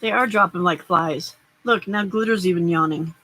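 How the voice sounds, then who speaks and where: A woman's voice: lowish voice, moderate pace, fairly bright tone, slight background noise, low-quality recording. A middle-aged woman hosting a casual live stream, chatting and rambling as she crafts and answers viewers' comments. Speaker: livestream host.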